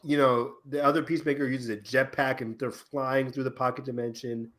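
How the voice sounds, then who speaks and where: A man co-hosting a podcast, excitedly retelling TV episode scenes in casual chat. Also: mid-range voice, fairly quick. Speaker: podcast co-host.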